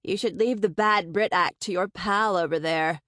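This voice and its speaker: A woman's voice: mid-range voice, moderate pace, a bit bright, no room sound, clean studio sound, lightly acted. A woman doing a snarky teenage girl. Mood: teasing. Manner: teasing, sarcastic. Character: cheeky fifteen-year-old girl, teasing.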